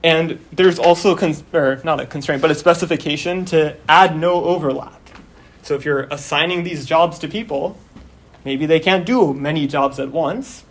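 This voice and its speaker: A young man lecturing in a classroom, his voice sitting a touch higher than most men's. He explains things step by step in a loose, casual way, leaning on "um" and "like". His voice is starting to wear out. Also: normal speed. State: losing his voice. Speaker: course instructor. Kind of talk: university lecture.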